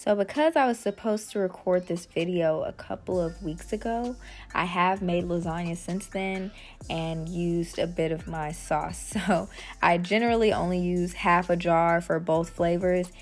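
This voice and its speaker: A woman's voice: on the low side, unhurried. A woman talking viewers through a recipe in her home kitchen, casual and chatty. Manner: chatty, informal, addresses viewers directly. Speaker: cooking vlogger. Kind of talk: casual cooking tutorial. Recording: music playing in background.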